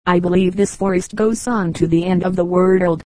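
A woman reading the part of a brisk, commanding army colonel in a storybook. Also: fairly low pitch, steady tone, a little mellow, no room sound, lightly acted, rough recording.

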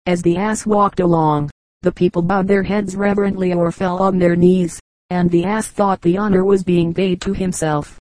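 A woman reading fables aloud as an audiobook narrator, in a calm, measured way. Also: fairly low pitch, dry recording, low-quality recording. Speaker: audiobook reader. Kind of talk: storybook narration.

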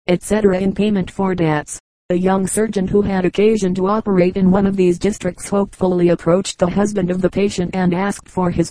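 Female audiobook reader, low mellow tone, dry close sound, steady joke-book delivery. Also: no room sound, rough recording. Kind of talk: reading aloud a joke book.

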